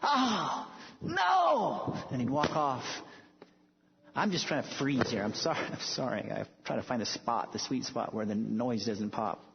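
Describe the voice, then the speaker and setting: Speaking at medium pitch and a moderate pace, a preacher with a gravelly voice tells emphatic stories that climb into bold declarations. There's slight background noise, and the sound is dull and lo-fi, echoing around a hall.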